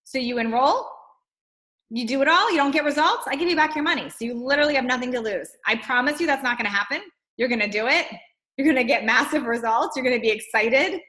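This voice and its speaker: A woman's voice: high voice, a bit bright, rough recording. A woman fitness coach chatting casually on a live stream, reading out viewer comments and answering them in a loose, talky way.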